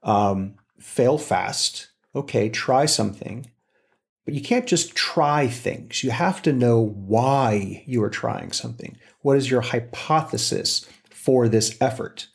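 Middle-aged man, conversational guest, lively anecdotal delivery. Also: mid-range voice, slow pace, creaky. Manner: animated storyteller, acts out quotes. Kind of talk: casual conversation.

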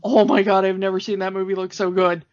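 Fast and fairly flat in pitch movement, a medium-pitched woman co-hosts a podcast, gushing about a cartoon film. She's enthusiastic and uses many fillers, and the audio has a dull lo-fi quality.

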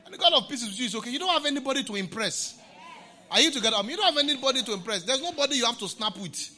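A male pastor preaching a sermon, playful, often laughing and breaking into shouts. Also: extremely high pitch, lively intonation, rapid-fire.

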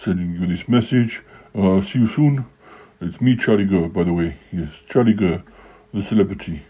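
A pompous pie-obsessed creature, as a man puts him on rambles with halting pauses. His voice is very low and husky. The sound is close and dry. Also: no room sound, highs cut off. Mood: boastful. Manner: rambling, halting, self-important. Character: pompous pie-eating male creature celebrity.

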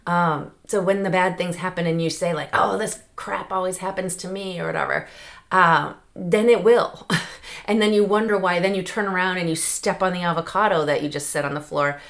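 A woman's voice: fairly low pitch, fairly even intonation, fairly quick. A woman hosting a podcast, talking through a casual motivational monologue into a close mic, chatty and laughing often. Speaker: podcast host.

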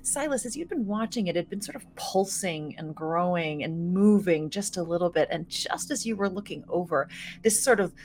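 A woman narrating a tabletop game as game master, descriptive and often pausing with fillers. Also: fairly low pitch, lively intonation, a little mellow, slight background noise.

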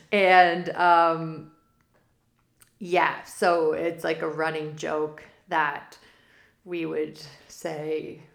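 Extremely slow and creaky, this woman's low-pitched voice barely shifts in pitch and pauses often. She hosts a spiritual forecast podcast in a rambling, digressive monologue, laughing often mid-sentence, with a roomy echo around her.

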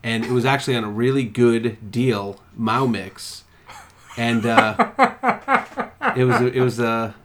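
A man co-hosting a comedy podcast, sarcastic and quick to tease. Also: medium pitch, steady tone, background noise. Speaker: podcast co-host. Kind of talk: casual comedy chat.

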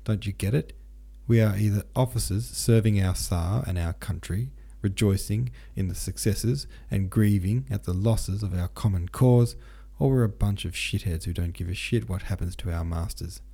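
Brief: man as a furious young officer, sharp, deep, gravelly. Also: normal speed. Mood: angry. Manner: sharp, scolding. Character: angry proud young male prince and officer.

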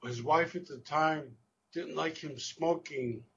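Man, gravelly fry, higher voice, halting and restarting, lo-fi with faint hiss. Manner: halting, searching for words, casual swearing. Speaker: podcast co-host. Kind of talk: casual film review chat.

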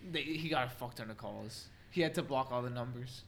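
A man's voice: mid-range voice, a little fast, a bit bright. A man co-hosting a casual podcast, cutting in with teasing questions. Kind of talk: casual crude banter.

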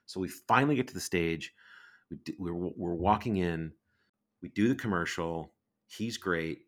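A middle-aged man telling rambling, animated anecdotes as a guest on a podcast. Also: low-pitched, moderate pace. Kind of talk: casual storytelling.

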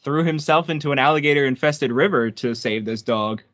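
A man's voice: medium pitch, fairly quick, a bit bright, no echo, muffled recording. A man hosting a casual podcast, telling stories and acting out quotes. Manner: storytelling, acts out quotes. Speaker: podcast host. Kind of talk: casual chat.

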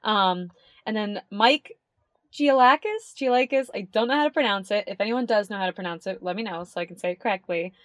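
A woman's voice: medium pitch, quick pace, no echo, studio quality. A young adult woman co-hosting a podcast in casual chat, rambling, swearing and laughing often. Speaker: podcast co-host.

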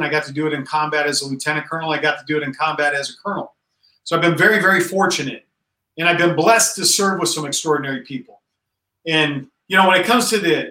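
An Army general in his forties, a podcast guest, talks about command in a high, bright voice, emphatic and earnest, his pitch rising as he stresses points. The conversational interview sounds a bit distant from the mic, with a noticeable room echo.

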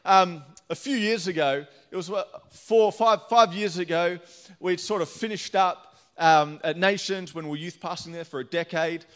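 A middle-aged man from Australia preaching a sermon, energetic and chatty, telling stories with laughs. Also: sits high, moderate pace. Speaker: pastor.

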